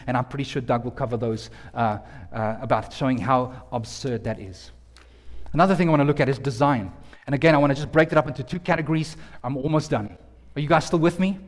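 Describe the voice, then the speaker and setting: A man preaching a lively, joking sermon, talking straight to his congregation in a church hall. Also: mid-range voice. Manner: lively, jokey, talks directly to the audience. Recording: long hall reverb.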